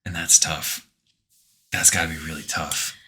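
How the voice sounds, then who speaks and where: A man with a low voice that still has a bright, sharp edge chats as a podcast co-host. He agrees readily and sounds sympathetic, and he stumbles over his opening words. The talk is loose and casual. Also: little pitch movement, a little slow. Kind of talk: casual chat about a video game.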